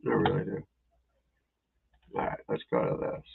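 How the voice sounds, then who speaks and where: A man's voice: on the low side, sing-song, normal speed, gravelly, slightly rough. A man rambling in casual live-stream chat, restarting sentences and talking to his viewers, with tinny phone-like audio. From New England. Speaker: golf instructor streaming live.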